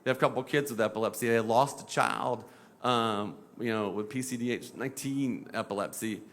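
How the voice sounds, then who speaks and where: A middle-aged man and pediatric epilepsy doctor, talking casually on a panel, animated and full of fillers, now and then mimicking voices. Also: medium pitch, brisk. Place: event panel.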